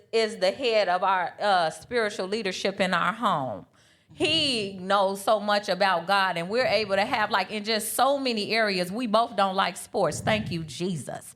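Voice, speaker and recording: Her voice is medium in pitch and fairly bright. Co-hosting a live brunch podcast panel, she chats candidly, recounting a personal story with sincerity and repeating key points for emphasis.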